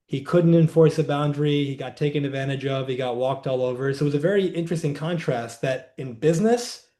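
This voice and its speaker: Man, warm low-key voice, measured, reflective, podcast guest telling stories. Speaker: guest, energy healer and coach. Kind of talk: podcast interview storytelling.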